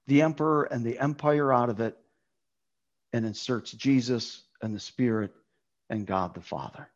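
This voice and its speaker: A man's voice: fairly high pitch, darkish tone, lo-fi sound. A man preaching a sermon on a Bible passage, emphatic, repeating key words for stress.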